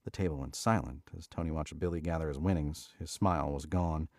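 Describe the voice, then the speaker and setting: A man narrating a thriller audiobook in a steady, measured way on a close studio mic. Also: very deep voice, no echo.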